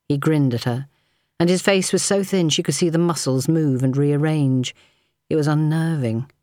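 A woman's voice: low-pitched, normal speed, dark tone, no room sound. Dry, close woman narrating an audiobook.

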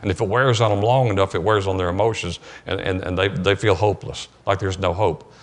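A man preaching a conversational sermon at a church service, plain-spoken and storytelling, often clearing his throat. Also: low-pitched, steady tone, a little fast.

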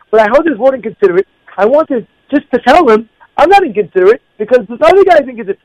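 A man delivers a storytelling moral talk in a strikingly high voice. He is animated, circling back over phrases and restarting sentences as he goes. The sound is close and dry. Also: no room sound, lo-fi sound. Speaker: speaker giving a moral talk. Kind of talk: storytelling sermon.

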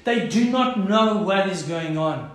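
A South African pastor preaches with a high-pitched voice, his passionate delivery dropping now and then into near whispers. The sermon rings out through a strongly echoing church hall. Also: lively intonation, a little slow. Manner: impassioned preaching, swinging from loud to hushed.

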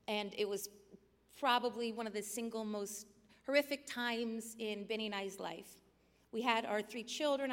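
A woman in her forties preaching a sermon in a large church, telling funny personal stories that swing from hushed to loud. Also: a little high. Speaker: pastor. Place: large church sanctuary with a band. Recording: long hall reverb in a big church.

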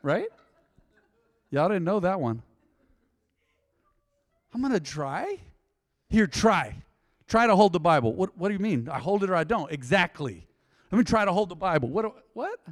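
A man preaching a sermon as pastor, conversational and lively, with sudden loud bursts and quiet drops. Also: sits high, normal speed, long pauses, big-room sound.

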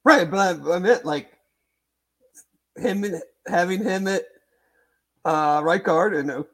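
A man's voice: high-pitched, takes it slowly. A man co-hosting a sports talk show, thinking aloud with lots of hedges, fillers and restarts. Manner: hedging, rambling, many fillers and restarts. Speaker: sports podcast co-host. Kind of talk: casual sports chat.

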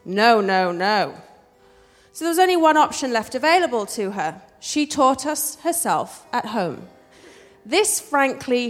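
Woman storyteller, working-class English accent, high voice, wry and self-mocking, live on stage with hall reverb. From England. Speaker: storyteller, actress. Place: theater stage.

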